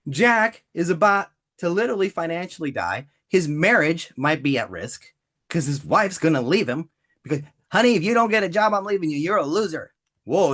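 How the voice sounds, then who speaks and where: A male business trainer talks to his live-stream audience with theatrical energy. His slightly high voice leaps up and down expressively, and he keeps acting out little dramatic quotes. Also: fairly bright tone.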